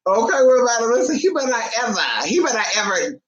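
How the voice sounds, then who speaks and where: A woman vlogger in casual chat to camera, sassy and chatty, calling her listeners honey and swinging her voice between high and low. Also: sing-song, fast talker, highs cut off, over a noisy crowd.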